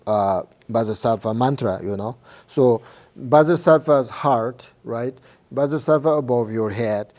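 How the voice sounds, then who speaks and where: Slow, soft-toned Buddhist teacher, a man. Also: mid-range voice. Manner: halting, many fillers and restarts; checks in with listeners often. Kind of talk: informal dharma teaching.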